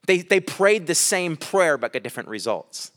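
A man's voice: on the high side, sing-song, normal speed, fairly bright tone, big-room sound. A man preaching a sermon, reading scripture aloud and breaking off with light, chuckling asides to the congregation. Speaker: pastor.

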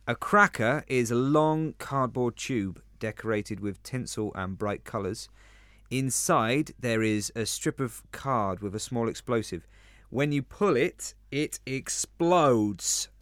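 A man's voice: mid-range voice, lively intonation, a little slow, a bit bright, dry recording. A man from London co-hosting a podcast, explaining customs with dry humour. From England (London). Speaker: podcast co-host. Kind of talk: casual scripted podcast chat.

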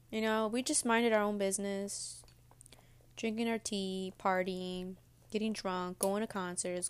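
A young woman chats to her viewers in a loose, rambling way, pausing to munch her cereal as she talks. Her voice is smooth and clear, sitting at an ordinary pitch for a woman. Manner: rambling, chatty, talks while eating. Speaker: vlogger. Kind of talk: casual chat to viewers. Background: audible munching on cereal.

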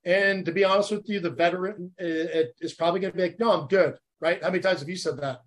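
Eager high-voiced American man. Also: quick pace. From United States. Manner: animated, earnest and heartfelt, talks about faith. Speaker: podcast guest, former Navy SEAL. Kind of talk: casual interview chat.

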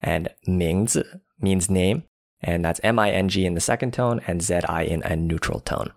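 A man's voice: deep voice, moderate pace, creaky, no echo. A man teaching a language lesson, explaining phrases word by word and spelling out their tones. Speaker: language teacher playing a diner.

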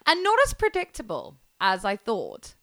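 A woman's voice: mid-range voice, wildly swooping pitch, moderate pace, a bit bright, no room sound. A woman co-hosting a podcast, chatty and storytelling, swearing casually. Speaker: podcast co-host. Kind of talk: casual chat.

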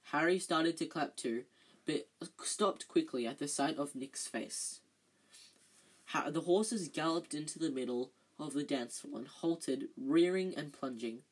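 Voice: mid-range voice, a little slow, breathy edge. An amateur reader reading a novel aloud, often stumbling and correcting themselves with chatty asides.

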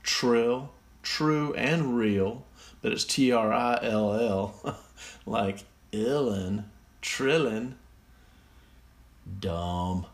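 A man with a mid-range voice reads out slang definitions and mocks them, speaking very slowly with frequent pauses. His casual solo commentary is sarcastic and easily amused, recorded on a phone.

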